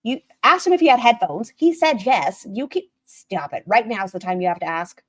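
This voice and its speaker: Sarcastic woman streamer with an animated voice that swings up and down. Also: on the high side, a little fast. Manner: snarky, animated, mocking. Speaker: stream host reacting to a video. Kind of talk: casual commentary.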